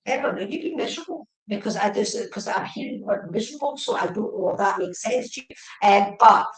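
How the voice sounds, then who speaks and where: A woman's voice: medium pitch, lively intonation, fast talker, creaky. A woman giving a live-streamed psychic reading, chatty and repetitive, speaking to viewers by name. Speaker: psychic medium. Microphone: webcam or phone. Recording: echoey room.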